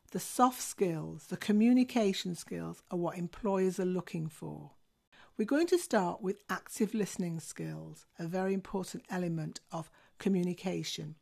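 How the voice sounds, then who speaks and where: A woman, a former hiring manager, giving a clear, methodical lesson on workplace skills. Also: medium pitch, a little mellow. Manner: clear, measured, methodical delivery. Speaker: career coach. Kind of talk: instructional talk.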